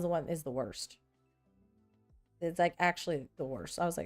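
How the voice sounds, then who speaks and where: A woman's voice: lowish voice, animated, moderate pace, soft background music. A woman vlogger chatting casually and thinking aloud while she sorts trading cards, often poking fun at herself. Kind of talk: casual chat while working.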